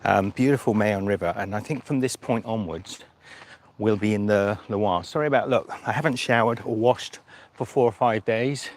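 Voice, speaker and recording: On the low side and at a moderate pace, a man's voice comes through the phone he's holding during a casual live stream. He's a cycle-touring vlogger at an outdoor rest stop, chatting and joking in a rambling way with plenty of restarts.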